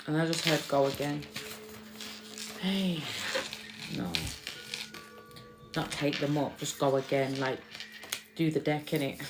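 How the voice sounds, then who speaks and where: A woman's voice: low voice, slow, long pauses, noisy background. A woman doing a casual, chatty spiritual card reading, often repeating phrases she says she hears from spirit.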